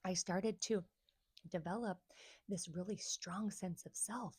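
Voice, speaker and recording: A woman's voice: fairly low pitch, fairly even intonation, takes it slowly, a little mellow, breathy edge, dry recording. A woman therapist telling her own story to the camera, earnest and confiding, speaking straight to her viewers. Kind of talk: personal story vlog to camera.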